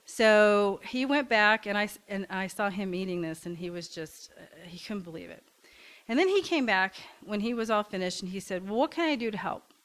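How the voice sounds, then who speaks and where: A woman's voice: mid-range voice, expressive, normal speed. A middle-aged woman from Kentucky, founder of a community café, giving a talk and telling a story with frequent "um"s and restarts. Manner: warm storytelling with hesitant fillers. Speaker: nonprofit café founder and director. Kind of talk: talk to a congregation.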